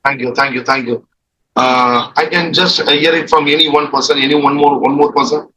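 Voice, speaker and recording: A man's voice: a little high, steady tone, brisk, pushed and bright, slight background noise, low-quality recording. A man with an Indian English accent leading an online group training, explaining step by step and repeating his thanks. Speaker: NLP trainer.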